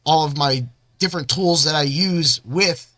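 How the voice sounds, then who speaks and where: A man's voice: a little high, normal speed, bright, forceful tone, no echo. A man hosting a podcast in a casual, rambling monologue, talking with boastful energy. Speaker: podcast host. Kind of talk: casual hype-filled monologue.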